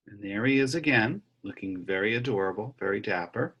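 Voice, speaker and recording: A middle-aged man teaching elementary music over a video call, reading a picture book aloud and explaining rhythms slowly and patiently to children. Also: fairly low pitch, lively intonation, fairly bright tone, slightly rough, lo-fi sound. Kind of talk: online music lesson with read-aloud. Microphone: computer mic on a video call.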